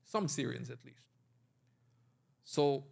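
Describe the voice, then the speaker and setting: A man's voice: mid-range voice, slow pace, vocal fry, darkish tone. A man teaching Arabic grammar in a classroom lecture, explaining step by step and often quizzing his students with questions and "right?". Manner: frequent checking tags like "right?".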